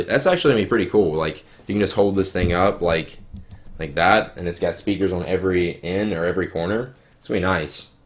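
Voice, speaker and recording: Southern dude talking low and rambly, kinda sick and coughy, livestreaming an unboxing from home on a webcam. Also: male voice. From American South. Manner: rambling, filler-heavy, excitable. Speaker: YouTuber. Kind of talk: live-streamed unboxing chat. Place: home room, girlfriend nearby.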